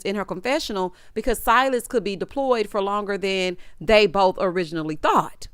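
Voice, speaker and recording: A woman's voice: mid-range voice, animated, a little fast, few pauses, clear, resonant tone, no room sound, clean studio sound. A woman giving a sassy, casual recap of a reality TV episode, mimicking the cast in changing voices.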